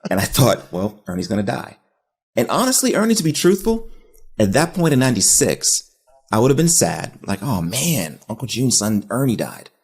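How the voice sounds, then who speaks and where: Husky earnest man hosting a podcast. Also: deep voice. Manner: earnest, emotional, motivational. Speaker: podcast host. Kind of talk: heartfelt interview talk.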